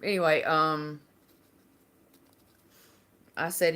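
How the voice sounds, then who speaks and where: Chatty Southern woman hosting a live stream; lowish, bright voice, rambling, easy laughs. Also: expressive, slow, pauses often. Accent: Southern US, Alabama. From Alabama, US. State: unwell. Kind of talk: casual live stream chat.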